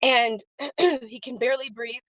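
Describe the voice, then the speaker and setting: A woman's voice: fairly high pitch, fairly even intonation, unhurried, fairly bright tone, no echo, dull audio. A woman hosting a live stream and giving an earnest, emotional motivational talk, repeating phrases for emphasis and greeting her viewers by name. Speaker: livestream host and faith-based business coach.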